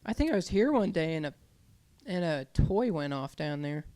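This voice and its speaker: A man's voice: a little high, sing-song, normal speed, warm tone, dry recording. A man co-hosting a podcast, reacting with short exclamations and chatting casually. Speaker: podcast co-host. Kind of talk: casual chat.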